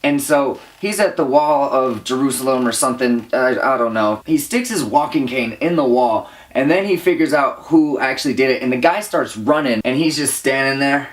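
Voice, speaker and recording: A man's voice: medium pitch, normal speed, hardly any pauses. A young man giving a casual movie review, rambling with lots of fillers, exasperated and often laughing. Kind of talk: casual profane movie rant.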